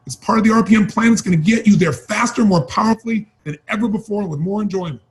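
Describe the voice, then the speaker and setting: Fast, high-voiced man giving a pep talk. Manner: emphatic, urgent, repeats key phrases. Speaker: motivational speaker. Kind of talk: motivational training talk.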